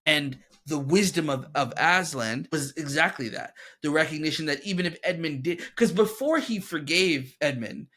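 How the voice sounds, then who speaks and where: A fairly high-voiced man chats casually as a podcast co-host. His talk is rambling and animated, and he swears freely as he works through a point. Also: normal speed, hardly any pauses.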